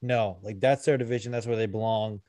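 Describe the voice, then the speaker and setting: A man's voice: fairly low pitch, steady tone, a little fast, mellow, dry recording. A young man co-hosting a podcast, chatting casually and profanely about fights with lots of filler words. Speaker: podcast co-host.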